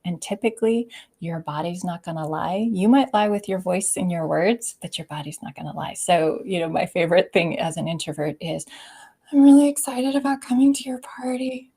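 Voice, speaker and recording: Expressive woman coach with a lowish voice. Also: a little fast, creaky, husky. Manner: expressive, often drops to a soft near-whisper. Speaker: leadership coach, interview guest. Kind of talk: conversational interview. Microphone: video call.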